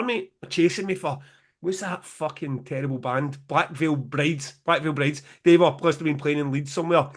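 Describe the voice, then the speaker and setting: A middle-aged Scottish man with a fairly high voice spins sweary, animated stories on a podcast. He laughs often as he talks. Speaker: podcast co-host, music promoter. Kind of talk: casual storytelling chat.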